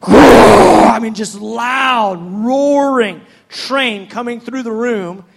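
A man's voice: very high voice, slow, very noisy. A man preaching a sermon in a fervent, conversational, rambling way.

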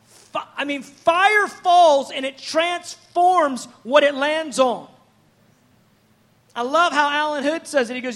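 A man's voice: very high voice, unhurried, a bit bright. A man preaching a sermon in a fervent, conversational, rambling way.

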